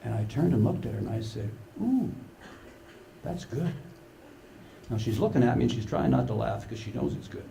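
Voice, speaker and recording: Gravelly older man telling stories. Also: on the low side, fast talker, few pauses, noisy background. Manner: animated storyteller acting out dialogue. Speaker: conference speaker. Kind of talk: humorous keynote storytelling. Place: large conference hall with live audience. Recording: echoey conference hall.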